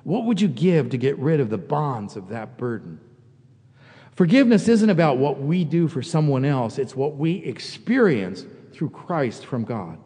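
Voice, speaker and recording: A man preaching a sermon as pastor, reflective and quietly confessional, rising to emphatic peaks. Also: medium pitch, big pitch swings, measured pace, husky, in a large hall.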